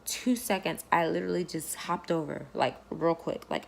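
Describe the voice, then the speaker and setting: A woman's voice: on the low side, normal speed, creaky, few pauses. A woman vlogger telling a personal story in a casual, rambling way, full of fillers.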